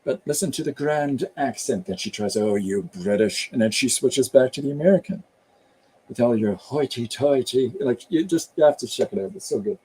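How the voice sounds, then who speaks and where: A man's voice: medium pitch, a little fast, dark tone, breathy edge. A man casually chatting on a live stream, rambling about accents and reading viewer comments aloud as he goes. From Canada. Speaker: comic artist hosting a live stream.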